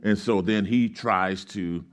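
A man with a low, steady voice preaching to his congregation. He reads scripture and then works through it like a teacher. He keeps asking questions for the crowd to answer back. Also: slow pace. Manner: reads scripture aloud, explains Greek grammar. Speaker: pastor. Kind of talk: sermon with call-and-response.

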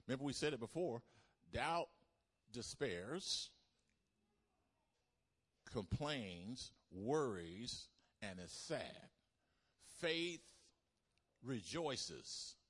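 A man preaching a sermon as pastor, animated, calling the congregation to respond. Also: fairly low pitch, slow pace, pauses often, slightly rough.

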